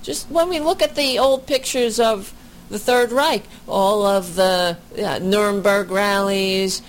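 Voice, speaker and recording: Brief: slow-talking, indignant voice commenting over a clip, with faint room noise behind. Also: mid-range voice. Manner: indignant, deliberate, swears. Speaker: commentator reacting to a video. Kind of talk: reaction commentary.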